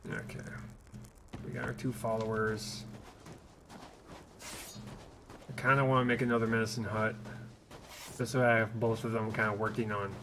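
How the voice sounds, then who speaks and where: A man's voice: on the low side, level tone, normal speed, long pauses, background noise. A man streaming a game live, talking it through casually and thinking aloud as he plays, often trailing off and restarting his sentences. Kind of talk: live gameplay commentary.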